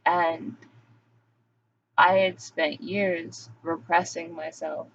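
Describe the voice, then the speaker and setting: In a dull lo-fi recording, a young adult woman vlogs a rambling, candid confessional monologue, peppered with "like" and restarts. Her voice sits low, with flat delivery, drawn-out words, gravel, and a slight hiss or hum.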